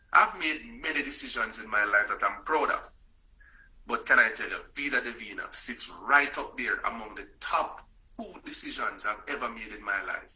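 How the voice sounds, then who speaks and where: A man's voice: medium pitch, bright, forceful tone, poor audio. A man hosting a motivational live stream, emphatic and repetitive, calling out viewers by name.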